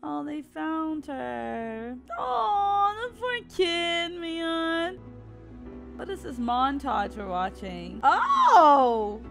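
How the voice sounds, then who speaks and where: Brief: woman reaction streamer with a high voice, slow, slangy, quick to swear, cartoon music loud behind her. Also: creaky. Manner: excitable, swears freely, slangy. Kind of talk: casual reaction commentary. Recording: cartoon audio playing loudly behind. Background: cartoon soundtrack music.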